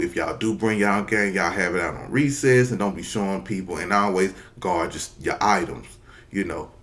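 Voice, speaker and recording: A man voicing a calm school principal giving a measured lecture about rules, in a low voice.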